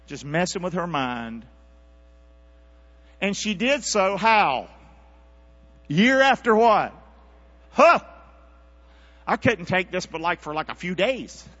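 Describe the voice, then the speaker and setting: In a church sanctuary, a husky-voiced male pastor calls on his congregation for responses, shifting from quiet asides to loud, high-pitched exhortation with an animated, rising delivery. The recording is dull and lo-fi, with mains hum.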